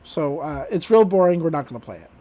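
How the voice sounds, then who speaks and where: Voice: medium pitch, animated, fast talker, warm tone. A podcast host recapping a cartoon episode in a casual, rambling, amused way.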